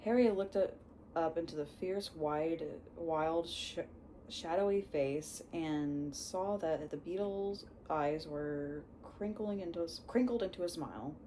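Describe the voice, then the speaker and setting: A young woman reads a book aloud at an unhurried pace, stumbling over words and correcting herself. Her voice is low, mellow and soft-toned. A faint background noise runs behind her. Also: rough recording. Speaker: reader. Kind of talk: storybook read-aloud.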